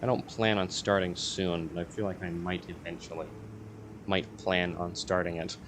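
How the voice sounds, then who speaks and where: A man's voice: deep voice, level tone, normal speed, noisy background. A young man rambling casually in a vlog, hesitant and full of fillers and self-corrections. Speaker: YouTuber.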